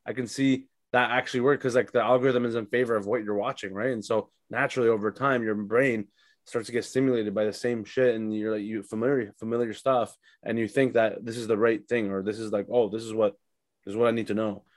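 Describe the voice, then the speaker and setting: This young adult comic is a guest on a podcast, talking casually in a rambling, foul-mouthed way packed with fillers. He speaks quickly in a lowish, steady voice, and there's no room sound at all.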